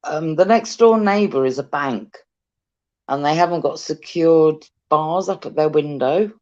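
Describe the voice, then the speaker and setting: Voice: medium pitch, measured pace, darkish tone. A British co-host chatting cheekily on a fishing livestream, telling stories and acting out what other people said. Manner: cheeky, chatty storyteller who acts out voices. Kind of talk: casual chat. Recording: muffled, lo-fi call audio.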